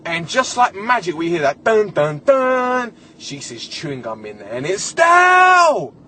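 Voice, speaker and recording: A man's voice: a little high, very animated, normal speed, a bit bright, slight background noise. A young man hosting a podcast solo, telling a comic, exasperated story with a lot of swearing. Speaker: podcast host.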